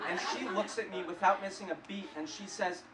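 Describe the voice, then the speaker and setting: A man's voice: high voice, fairly even intonation, brisk. A young man performing a stand-up comedy set on a club stage, telling awkward, self-deprecating stories. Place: comedy club stage before a live audience. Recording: roomy, distant live club recording with heavy crowd noise.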